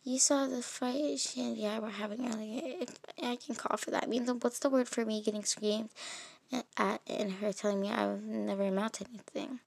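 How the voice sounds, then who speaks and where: Woman doing a downbeat neighbor guy, dry humor, gravelly edge, game story. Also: on the high side, steady tone, normal speed. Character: grumbling adult man, struggling neighbor.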